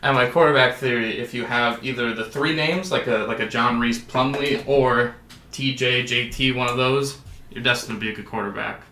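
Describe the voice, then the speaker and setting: A man's voice: medium pitch, steady tone, moderate pace, sharp tone, echoey room, slight background noise. A man hosting a sports card break, calling out each card and adding jokey asides. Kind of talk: casual card-opening commentary.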